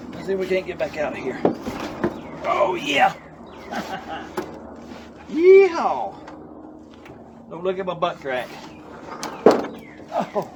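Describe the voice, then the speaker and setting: An older man with a drawl talks in a folksy, chuckling way, a little higher-pitched than most men. He is puffing and out of breath as he works. Steady outdoor noise runs behind his voice. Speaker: garage channel host. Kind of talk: casual commentary while working. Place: outdoors by an old truck on a farm.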